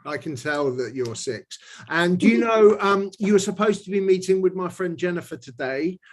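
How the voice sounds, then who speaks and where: A man's voice: high-pitched, animated, normal speed. A man with a London English accent, chatting casually and playfully over a video call as the interviewer. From England. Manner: friendly and joking with a child.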